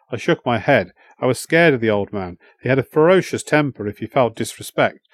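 Speaking at a middle pitch, a male audiobook narrator reads a first-person story in a steady, measured storytelling manner. The sound is dry and close-miked, free of any room acoustics.

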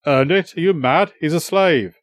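A man's voice: fairly high pitch, steady tone, brisk, dry recording, lightly acted. A man voicing an older warrior father with a ferocious temper, roaring and growling in fury, in a dry recording. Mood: furious.

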